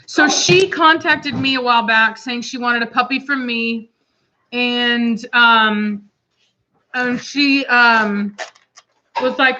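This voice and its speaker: A woman with a Texan accent tells a story in a rambling, animated way, acting out little quoted asides. Her voice sits a bit high and sounds bright and forceful. The recording is slightly dull. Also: takes it slowly, slight background noise. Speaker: co-host, dog breeder. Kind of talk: casual chat.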